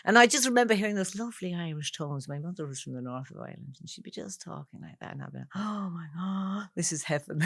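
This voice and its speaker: A woman in her sixties from England, a guest talking over memories, with an animated storytelling manner and frequent laughs. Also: on the low side, fast talker, gravelly, hardly any pauses, dry recording, clean studio sound. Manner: warm storyteller, laughs often, animated asides. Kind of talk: reflective conversation.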